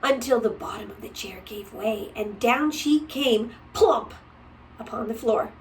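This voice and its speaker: A woman reading a picture book aloud to a child, gentle and often dropping to a whisper. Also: on the high side, lively intonation, measured pace, far from the mic, a little hiss or hum, rough recording.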